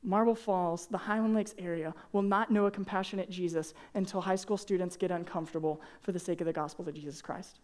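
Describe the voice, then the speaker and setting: Earnest young youth pastor. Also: male voice, high-pitched, steady tone, fairly quick, hardly any pauses, darkish tone. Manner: casual, earnest, peppered with "man" and "like". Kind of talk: youth sermon.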